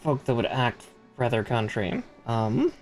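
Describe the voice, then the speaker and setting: A man's voice: mid-range voice, sing-song, unhurried, soft background music. A man chatting casually on a live stream as he builds a model kit. He laughs often and reads part numbers aloud between stories.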